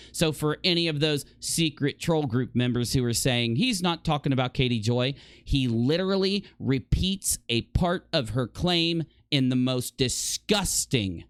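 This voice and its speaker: A man voices heated commentary, accusing and repeating himself for emphasis. His pitch sits on the high side and swings widely. The room is dry and close. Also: a bit bright, clean tone, no room sound. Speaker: commentary vlogger. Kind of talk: indignant commentary.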